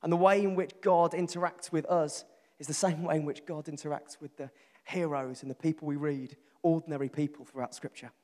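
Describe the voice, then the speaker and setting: A middle-aged man preaches a sermon in a fairly high voice. He talks earnest and emphatic, stacking lists and repeating phrases, and a long reverb from a large hall trails every line. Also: fairly even intonation, a little fast, a little mellow.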